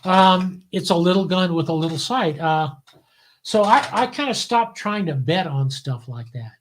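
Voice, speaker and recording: An older man, a guest in a casual interview, telling relaxed, wry stories and often restarting his phrases. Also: high-pitched, a little slow, slight background noise. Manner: relaxed anecdotal storyteller, wry and cynical, repeats words as he restarts.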